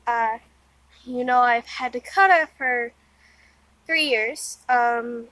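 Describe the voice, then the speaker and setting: A woman's voice: fairly high pitch, takes it slowly, a bit bright, no room sound, rough recording. A tired young woman giving a rambling, casual vlog update outdoors in the wind, full of fillers and restarts. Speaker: vlogger.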